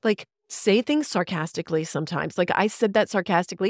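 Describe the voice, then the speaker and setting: Lebhafte Frau im Podcast-Gespräch, trocken aufgenommen. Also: female voice, lowish voice, fairly quick, no room sound, studio quality. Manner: animated and candid, laughs often, swears casually. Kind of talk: casual podcast conversation.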